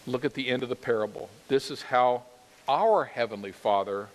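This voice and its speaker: A man preaching a sermon to his congregation, animated and emphatic, asking them questions directly. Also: mid-range voice, moderate pace, big-room sound. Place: church sanctuary.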